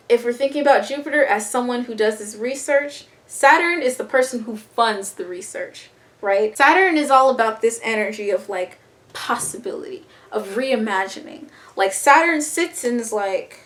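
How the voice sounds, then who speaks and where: A young woman casually explaining astrology in a playful, slangy, animated way. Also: on the high side. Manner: animated, slangy, playful, breaks into quoted voices and laughs. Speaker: astrology vlogger.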